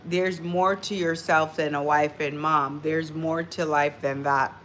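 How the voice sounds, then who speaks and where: Woman streamer, a mother, lowish voice, loose chatty delivery, greets viewers by name. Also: fairly even intonation, measured pace, fairly bright tone, slight background noise. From born in Jamaica, raised in the United States. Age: adult mother. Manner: chatty, talks straight to viewers by name, restarts words. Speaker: livestream host chatting with viewers. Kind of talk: casual live chat.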